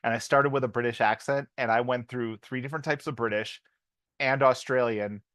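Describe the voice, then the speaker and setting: A man's voice: mid-range voice, steady tone, a little fast, fairly bright tone, no room sound. Jokey man chatting, dry close sound. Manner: jokey, slips into comic impressions. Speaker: podcast co-host. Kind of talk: casual chat.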